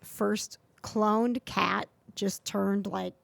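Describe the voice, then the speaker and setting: A woman with a Wisconsin accent hosting a casual studio chat show, chatty and quick to laugh. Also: medium pitch, steady tone, vocal fry, dry recording. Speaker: radio show host.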